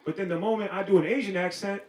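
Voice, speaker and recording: A man's voice: high voice, steady tone, fast, a little hiss or hum. A man from Maryland doing a stand-up comedy set on a club stage, talking in loose slang and laughing through his lines. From Maryland, United States. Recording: roomy club with loud crowd laughter. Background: audience laughter.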